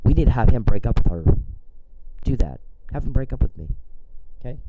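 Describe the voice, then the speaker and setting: A man's voice: medium pitch, sing-song, fairly quick, heavy background noise. A man talking in a casual, blunt and profane rant, sounding exasperated. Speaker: commentator.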